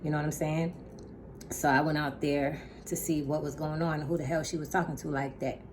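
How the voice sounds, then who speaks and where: A woman telling a story casually, emphatic and animated, with laughs and slang asides. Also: low voice, brisk, background noise. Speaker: storyteller vlogger.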